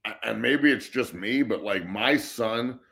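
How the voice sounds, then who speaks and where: A man's voice: lowish voice, a little slow, gravelly, fairly bright tone. A middle-aged man ranting bluntly and profanely as a guest on a casual sports talk show. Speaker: guest co-host.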